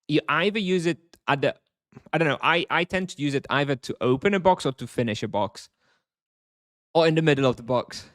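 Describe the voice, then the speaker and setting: A man's voice: mid-range voice, a bit bright, no echo, clean studio sound. A man streaming a game live, chatting casually with his chat, thinking aloud with fillers and frequent chuckles.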